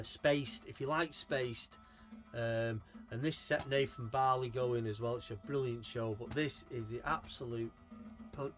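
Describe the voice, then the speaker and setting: A man's voice: medium pitch, a bit bright. A man, chatting casually on video and showing off his finds. He talks with rambling enthusiasm and swears freely. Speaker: collector showing his purchases.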